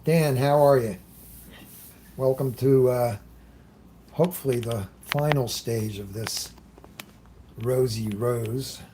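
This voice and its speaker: Man, live painting demo host, unhurried, warm low-key tone, rambling, talks while working. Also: a little hiss or hum. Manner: rambling, chatty, greets viewers by name. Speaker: airbrush artist hosting a livestream. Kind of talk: casual live demonstration.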